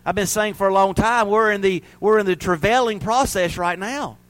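A man preaching a sermon, telling stories and building to loud, fervent peaks. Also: sits high, moderate pace, low-quality recording.

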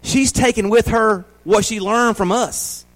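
Southern US pastor, man in his forties, high-pitched, folksy sermon delivery. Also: a little slow, poor audio. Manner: folksy, down-home preaching with rhetorical questions.

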